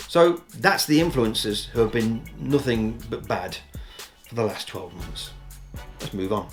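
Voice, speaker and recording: A man's voice: on the low side, sing-song, a little slow, faint music behind. A man giving casual, opinionated commentary as a news vlogger, talking in a chatty, rambling way with many ums and restarts.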